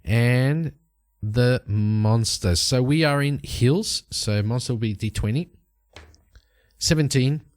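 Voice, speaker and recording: A man hosting a solo tabletop game, narrating the story and musing aloud as he checks tables and rolls dice. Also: fairly low pitch. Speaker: host and solo game player.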